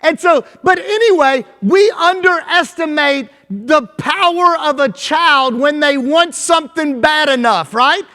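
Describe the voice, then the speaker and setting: Speaking at a measured pace with few pauses, a very high-pitched man with a sharp tone and a Kentucky accent delivers a folksy, joking keynote as a school superintendent, often asking "right?" The large conference hall gives a long reverb, and faint music plays underneath.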